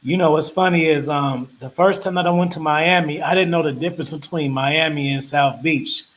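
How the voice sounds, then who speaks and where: A man's voice: on the high side, fairly even intonation, moderate pace, a bit bright, a little hiss or hum, poor audio. A man hosting a casual chat, reading out viewer questions in a slangy, laid-back way.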